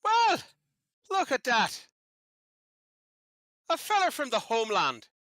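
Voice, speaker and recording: Man playing a rambling irish stage magician, high and bright, lively lilt. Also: takes it slowly, dry recording, studio quality, full character voice. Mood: cheerful. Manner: rambling, folksy, lilting.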